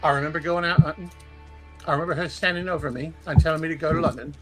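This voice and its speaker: A courteous vampire stranger with a patchy memory, as a man puts him on at the table. The voice sits higher than the man's own and rattles along quickly. Music runs faintly underneath. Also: steady tone, lightly acted. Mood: recalling.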